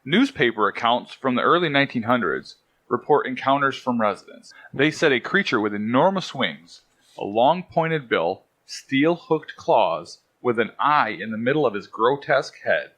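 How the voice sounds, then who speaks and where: Male podcast co-host, bright tone, digressive jokey storyteller. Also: medium pitch, expressive, moderate pace. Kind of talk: casual chat.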